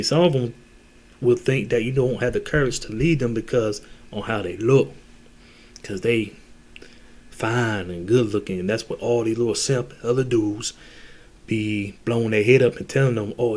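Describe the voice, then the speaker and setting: A man's voice: mid-range voice, darkish tone. A man giving dating advice in a casual, blunt monologue, full of slang, cursing and restarts. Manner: blunt, heavy slang and cursing, repeats himself.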